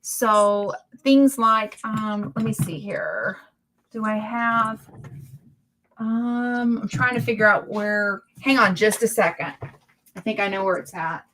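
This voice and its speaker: Bright-voiced chatty woman host. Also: mid-range voice, slow pace, a little hiss or hum. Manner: chatty storytelling, animated retellings. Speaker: livestream host. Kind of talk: casual chat.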